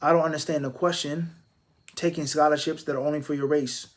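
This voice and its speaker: A man with a fairly high voice answers viewers' religious questions in a live Q&A. He explains step by step and drops in Arabic phrases. When he makes a point he presses it with one rhetorical question after another. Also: little pitch movement, brisk. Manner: emphatic, stacking rhetorical questions.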